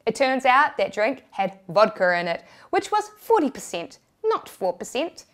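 A woman's voice: fairly high pitch, big pitch swings, moderate pace. A young woman with a New Zealand accent narrating a personal story with candid, self-deprecating humor.

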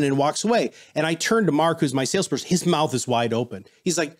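A man with a slightly high voice tells stories on a podcast as a guest. He is animated and acts out the people he quotes. His talk stays casual and conversational throughout. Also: fast talker, few pauses. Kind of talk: casual interview storytelling.

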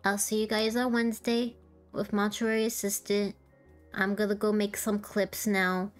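A woman streamer in a casual chat with her live chat, tired and with a sore throat, soft-spoken and laughing often. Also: mid-range voice, little pitch movement, normal speed, faint music behind. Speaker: VTuber streamer.

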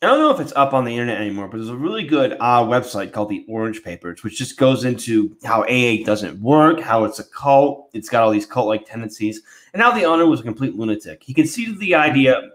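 A man's voice: medium pitch, lively intonation, fast, hardly any pauses. A man co-hosting a casual podcast, laying out facts in a dry, matter-of-fact way. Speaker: podcast co-host.

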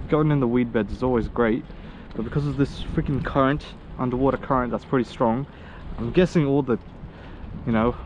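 A young man from Australia, vlogging casually while fishing outdoors on a sea wall, excitable and slangy, laughing often. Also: medium pitch, lo-fi sound, slight background noise. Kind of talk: casual outdoor vlog commentary.

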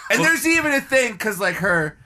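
A man's voice: very high-pitched, sing-song, moderate pace, noisy background. A man as a podcast guest, riffing through casual comedic chat and giggling along.

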